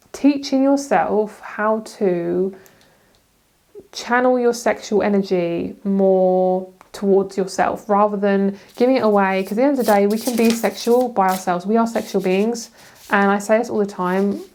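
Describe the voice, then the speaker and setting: A woman's voice: mid-range voice, a little mellow. A young woman talks through a casual tarot reading to camera. She is loose and chatty, drops swear words freely and laughs at her own slips. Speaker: tarot reader.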